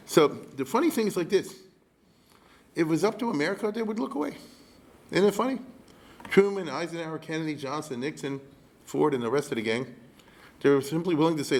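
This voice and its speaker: A man's voice: fairly high pitch, expressive, a little fast, long pauses, darkish tone. A man, a rabbi, giving a conversational history lecture, often checking in with his listeners and dropping wry humorous asides. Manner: chatty, keeps checking in with the audience.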